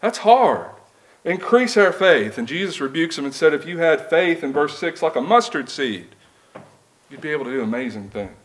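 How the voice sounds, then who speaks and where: A man's voice: on the high side, brisk, a bit bright, rough recording. Man preaching a conversational sermon. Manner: plain, conversational teaching with rhetorical questions. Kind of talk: sermon with scripture reading.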